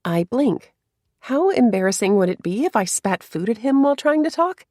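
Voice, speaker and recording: A woman narrating a first-person romance story in a soft, confiding way, with hushed asides. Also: a little high, sing-song, normal speed, no echo, clean studio sound.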